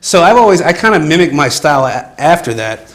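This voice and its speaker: A man's voice: fairly high pitch, sing-song, a little fast. A man, a comedian from Virginia, chatting casually as an interview guest, telling stories with a laugh and acting out what others said. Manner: easygoing storyteller, laughs often, acts out quotes.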